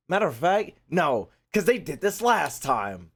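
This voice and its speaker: A man reacting to a game trailer in loose, rambling commentary, swearing freely and getting worked up. His voice sits fairly high and jumps around a lot in pitch. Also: unhurried, breathy edge. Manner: profane, excitable, rambling.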